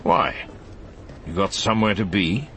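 A man's voice: sits low, a little slow, a bit bright, a little hiss or hum. A man voicing a bored older male recruiting officer, clipped and dry, in an audiobook reading.

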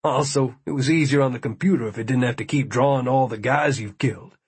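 A man's voice: medium pitch, fast talker, husky. A man voicing an easygoing young man who casually explains things.

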